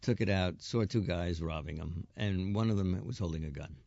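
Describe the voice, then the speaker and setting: A man's voice: low-pitched, moderate pace, creaky, a little mellow, no room sound, muffled recording. A man hosting a radio interview, asking probing and challenging questions.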